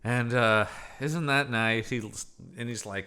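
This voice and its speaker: A man co-hosting a casual movie review podcast, jokey and animated, often breaking into silly voices for quotes. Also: mid-range voice, slow pace, clear, resonant tone. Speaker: podcast co-host.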